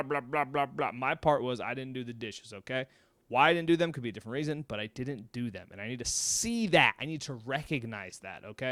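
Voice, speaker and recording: A man speaks straight to camera from a room at home, with a smooth, resonant, mid-pitched voice. He is blunt and chatty, keeps checking in with "okay?", and sometimes swears. The sound is dry and close. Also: no echo. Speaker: mental health video host. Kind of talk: casual talk to camera.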